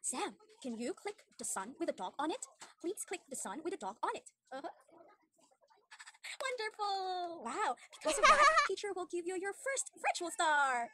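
Very high, animated woman teaching a child. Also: measured pace, background noise. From Philippines. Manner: exaggerated, sing-song praise with frequent laughs. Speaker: online English teacher for children. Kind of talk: demo lesson for a young child.

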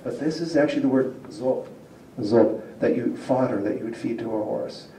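A university linguistics lecturer gives a public talk to a community audience in a very mellow, dark, medium-pitched voice at normal speed. Chatty and explanatory, he asks the audience questions and chuckles often. He's recorded from afar in an echoey, roomy hall with slight background noise.

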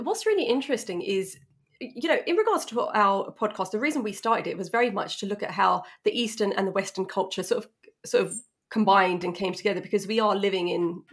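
A woman's voice: mid-range voice, vocal fry, a bit bright. A woman hosting a casual podcast interview and asking probing follow-up questions. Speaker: podcast host.

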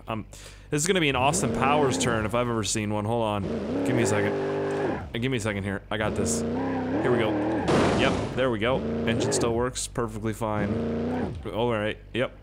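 A young man hosting a casual gameplay video, rambling, swearing a lot and jumping from high excited yelps to low mutters. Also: normal speed, vocal fry, long pauses, very noisy. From Canada. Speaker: gaming video host.

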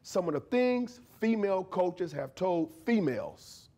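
A man giving a lively, conversational guest lecture as a history professor, joking and often checking in with his audience. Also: sits high, a little slow. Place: university lecture to a live audience.

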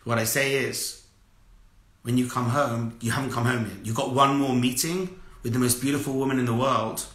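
Male rabbi lecturing, bright and forceful, repeats his questions, roomy echo. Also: medium pitch, normal speed. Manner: asks repeated rhetorical questions, animated storytelling. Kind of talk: lively Torah lecture.

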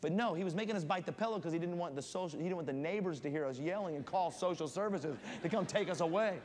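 A man preaching as a guest pastor in a church, reading scripture aloud and telling animated stories. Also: a little high, fast talker. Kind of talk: sermon. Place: church sanctuary. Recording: long hall reverb, faint room noise.

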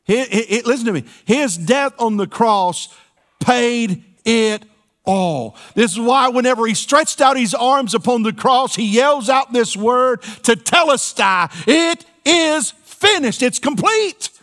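In the church sanctuary, the senior pastor delivers his sermon in an extremely high, slightly bright voice, taking his time. His style stays folksy and playful, with back-and-forth asides to the people in the pews.

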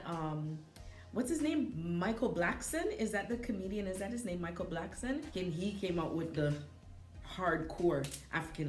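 Chatty woman reviewing a movie, echoey room. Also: lowish voice. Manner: animated and chatty, with frequent fillers and self-corrections. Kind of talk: casual spoken movie review. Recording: echoey room with faint background music.

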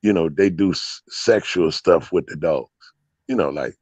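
In an unhurried, low, slightly mellow and a bit rough voice, a man guesting on an interview shares loose, profane stories about life as a dog breeder, heavy with fillers and laughter. The recording has no room sound.

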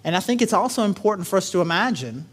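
A man with a notably high speaking voice delivers a church sermon in a relaxed, storytelling way. He talks casually, full of fillers and quick check-ins with the congregation. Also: slightly rough. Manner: animated, casual, many fillers and "right?" tags. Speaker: pastor. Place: church service.

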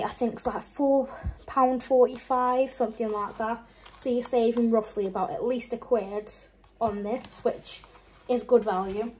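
Rambling through a shopping haul, this young mother and vlogger reads out prices between little laughs in a relaxed, chatty way. She sounds slightly high-pitched, and the rough recording carries a faint hiss or hum.

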